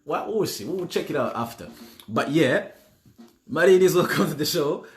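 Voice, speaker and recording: A man's voice: fairly high pitch, animated, normal speed. Man, quiz host, playful, bilingual, echoey room. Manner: playful, bilingual, greets viewers by name. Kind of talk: livestream trivia hosting. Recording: roomy with music behind.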